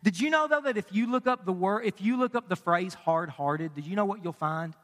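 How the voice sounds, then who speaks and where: A man in his thirties preaching a sermon as pastor, emphatic and questioning, often dropping to a hush for emphasis. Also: high-pitched, a little fast. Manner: emphatic, asks the congregation questions, drops to quiet for emphasis. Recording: long reverb of a large hall.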